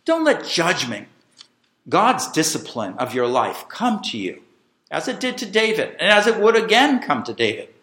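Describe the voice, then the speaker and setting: A middle-aged man preaching a sermon as pastor, emphatic and animated, calling the congregation to repeat after him. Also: sits high, moderate pace. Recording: echoey room.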